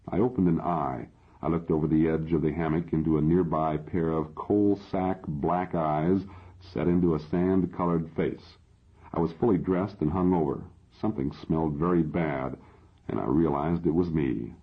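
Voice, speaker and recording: A man narrating a science fiction audiobook in the first person, in measured storytelling. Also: deep voice, breathy edge. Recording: dull lo-fi audio.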